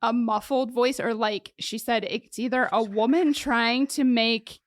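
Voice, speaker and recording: Here is a woman co-host with a fairly high voice, talking loose and chatty and full of fillers and little jokes. The sound is dry and close, with no room around it. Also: fairly even intonation, measured pace, no echo. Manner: joking, chatty, lots of "like" fillers. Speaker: podcast co-host telling the case. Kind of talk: casual true-crime chat.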